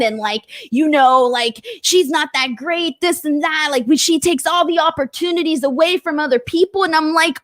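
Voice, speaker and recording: A young American woman hosting a wrestling predictions livestream, lively and expressive, often breaking into laughter. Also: high-pitched, normal speed, few pauses, dry recording, studio quality. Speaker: host. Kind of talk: casual livestream chat.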